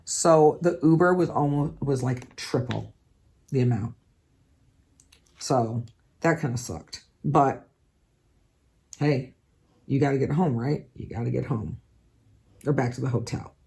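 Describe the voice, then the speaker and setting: A woman's voice: very deep voice, measured pace, gravelly, long pauses, dark tone. A woman hosting a diamond painting channel, chatting casually and candidly while she works, with the odd swear word. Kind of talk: casual chat while crafting.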